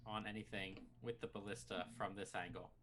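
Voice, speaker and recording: A man playing a tabletop game, deliberately planning his moves aloud. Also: on the low side, flat delivery, fairly bright tone, slight background noise. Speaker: player. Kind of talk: casual tabletop play.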